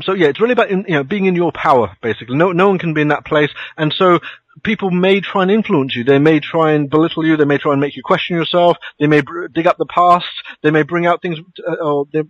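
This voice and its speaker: Fast-talking man coaching in a muffled recording. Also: on the high side, dry recording. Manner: earnest, rambling, many restarts and "you know"s. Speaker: author and personal coach. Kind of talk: casual spoken advice, answering a listener question.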